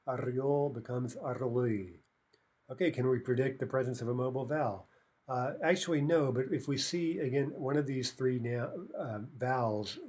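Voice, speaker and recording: A man's voice: mid-range voice, darkish tone, breathy edge. A man teaching a recorded language lesson, explaining grammar rules step by step and often checking in with "right?".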